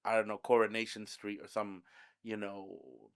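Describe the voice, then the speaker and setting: A man with an American accent, a native Bangla speaker, telling stories in relaxed podcast chat with plenty of fillers. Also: lowish voice, normal speed. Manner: relaxed storytelling, many fillers. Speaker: podcast host. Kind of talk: casual chat.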